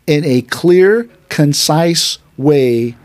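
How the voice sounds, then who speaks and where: Animated storytelling man, dry close sound. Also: fairly high pitch, extremely slow, no echo. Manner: animated, acts out quotes of his teacher and students. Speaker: aikido dojo teacher, podcast host. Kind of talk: casual storytelling chat.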